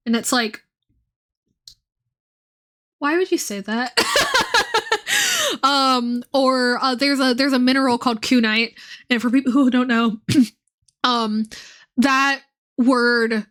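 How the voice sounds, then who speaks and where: A woman's voice: fairly high pitch, fairly even intonation, slow pace, pauses often, fairly bright tone. A young woman streaming and chatting casually, rambling with lots of fillers and swearing. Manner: rambling, profane, many fillers.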